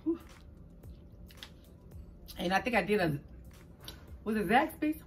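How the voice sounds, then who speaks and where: A middle-aged woman from New Orleans with a Southern accent, chatting fast and stumbling over her words as she tells a story while eating on camera at home. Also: medium pitch, expressive, faint music behind. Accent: Southern US, New Orleans tinge. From New Orleans, Louisiana. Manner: talks fast, stumbles over words, calls listeners "child". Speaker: mukbang vlogger host. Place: indoors at home, green screen.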